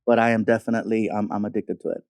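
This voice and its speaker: A man, a comedian and guest, chatting casually and telling animated stories, acting out other people's voices as he goes. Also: on the low side, very fast, dry recording, clean studio sound. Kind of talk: casual storytelling chat. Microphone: studio mic.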